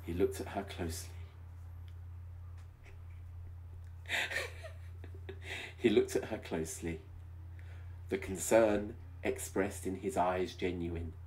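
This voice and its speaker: Reading a romance story aloud at a normal speed, a video host uses a low-pitched, steady, slightly mellow voice. He plays up the melodrama and breaks off for wry, teasing, sarcastic comments.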